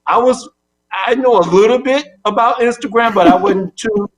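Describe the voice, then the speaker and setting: An older man as the interview guest, telling an animated story and acting out both sides of his phone calls. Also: sits high, normal speed.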